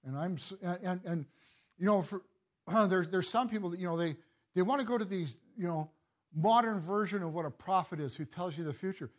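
An older man giving a sermon in a halting, repeating way, chuckling at his own family stories. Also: high voice. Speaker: preacher.

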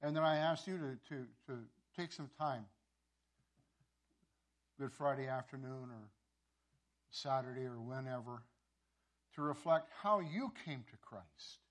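A pastor telling a sermon story, with many repeated words and restarts. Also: male voice, mid-range voice, measured pace, pauses often.

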